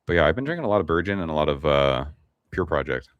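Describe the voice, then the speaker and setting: A man's voice: very deep voice, big pitch swings, fast talker, dry recording, muffled recording. A middle-aged man hosting a casual live stream, rambling in a laid-back way and swearing now and then as he reads the chat. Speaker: livestream host.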